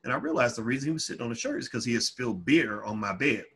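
A man telling a personal story in an emphatic monologue, growing loud and high-pitched when heated. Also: lively intonation, very fast, breathy edge. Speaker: financial educator.

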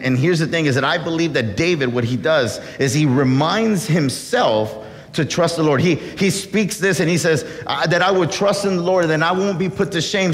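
A man's voice: a little high, long reverb tail. A man preaching a sermon as pastor, earnest and often repeating and restarting his words.

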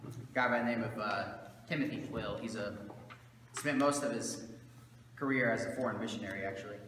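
This male pastor's mid-range voice has a sharp tone and a Southern American accent. He teaches his congregation in a loose, chatty style full of fillers and asides, captured in an echoing church hall with a touch of hiss or hum.

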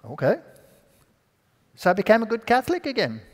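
A man giving his personal testimony to an audience, telling the story in an animated, dramatic way. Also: high-pitched, a little fast. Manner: animated, dramatic storyteller who acts out dialogue. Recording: long hall reverb.

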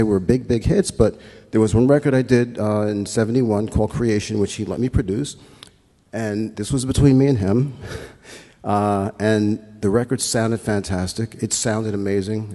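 Low mellow man in a reverberant theatre. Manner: relaxed, rambling with fillers and restarts. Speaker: memorial speaker. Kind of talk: anecdotal tribute speech. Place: theatre stage. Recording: long hall reverb.

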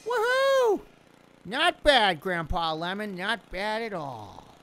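A man's voice: high-pitched, sing-song, takes it slowly, bright, forceful tone, faint music behind, exaggerated voice. A man doing Grandpa Lemon, a rambling old lemon. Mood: excited. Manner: rambling, exclaiming at the game. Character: elderly male lemon, rambling and chatty. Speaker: game commentator. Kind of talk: let's play commentary.

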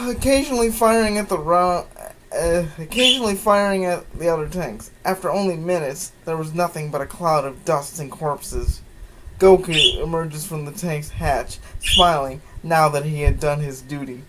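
A man's voice: fairly high pitch, normal speed, background noise. A man giving a mocking dramatic reading of fan fiction, breaking off with incredulous asides. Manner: incredulous asides, sighs and laughs. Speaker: comedic fan-fiction reader.

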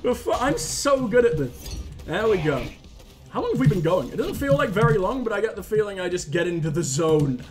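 A man's voice: sits high, very animated, fairly quick, darkish tone. A young man commentating his own gameplay, self-mocking and swearing, with sudden yelps when he fails. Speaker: gaming channel host. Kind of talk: let's play commentary.

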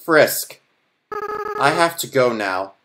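A man voicing a gentle, remorseful young goat monster boy. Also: mid-range voice, expressive, slow, noisy background. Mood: resigned. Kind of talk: reading game dialogue aloud in a voice. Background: game soundtrack music.

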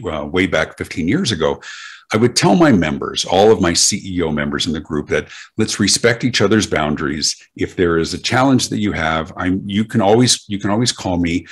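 Low husky-voiced man. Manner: emphatic, anecdotal, repeats words as he restarts. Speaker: guest speaker on customer service. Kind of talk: conversational interview answers.

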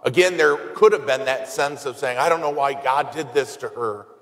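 A man's voice: medium pitch, normal speed, fairly bright tone. A man, a parish priest, giving a conversational homily with wry humor and told stories. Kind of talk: sermon. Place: church. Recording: church with long reverb.

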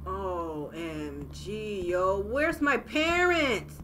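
A young woman playing a horror game and reacting out loud, profane and jokey as she goes. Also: a little high, sing-song, moderate pace, heavy background noise. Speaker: gaming channel host.

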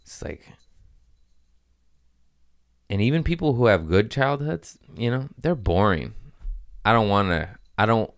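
A young man hosting a podcast, telling stories in a casual, profane, animated way and laughing at his own jokes. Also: fairly low pitch, unhurried, long pauses, no room sound, studio quality. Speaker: podcast host. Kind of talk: casual storytelling monologue.

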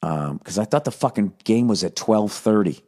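A middle-aged man from the United States talks through a loose, profanity-laced story, drifting from one tangent to the next. His voice sits fairly low, and he drops into quick mock voices as he goes. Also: animated, mellow. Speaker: podcast host. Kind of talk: casual solo monologue.

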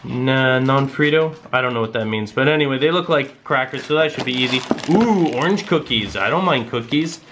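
A man's voice: medium pitch, brisk, hardly any pauses, noisy background. Tired, chatty man vlogging casually. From Canada. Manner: chatty, rambling, relaxed. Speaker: family vlogger. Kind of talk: casual vlog chat.

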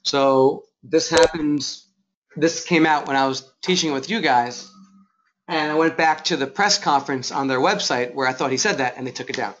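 A man's voice: fairly high pitch, normal speed, fairly bright tone, a little hiss or hum. A man teaching a finance class, chatting through his lecture with wry asides. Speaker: finance instructor. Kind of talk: classroom lecture with running commentary. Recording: dull lo-fi classroom recording.

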